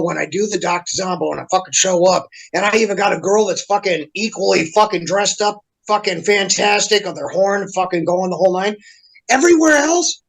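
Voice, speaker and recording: A man's voice: high-pitched, fairly bright tone, poor audio. Heated, profane man on a rant. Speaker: podcast regular. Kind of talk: profane ranting chat.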